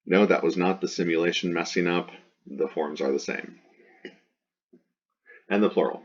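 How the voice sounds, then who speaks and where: A man's voice: low voice, fairly even intonation, moderate pace, long pauses, slightly rough, lo-fi sound. A man teaching ancient Greek grammar, chanting word forms in a sing-song and explaining patiently. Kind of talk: recorded grammar lesson.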